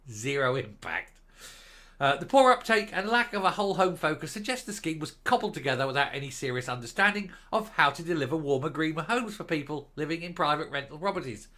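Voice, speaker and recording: A man's voice: fairly high pitch, sharp tone. An older man giving an indignant, sarcastic political rant, blunt and crude. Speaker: political commentator. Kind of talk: ranting online commentary.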